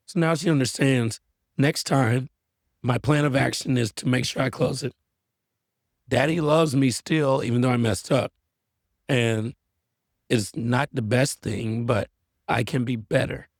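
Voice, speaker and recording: Gravelly, husky man on a podcast. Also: medium pitch, no room sound, studio quality. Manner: earnest and reflective, acting out talks with his kids. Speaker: podcast guest. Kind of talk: candid podcast conversation.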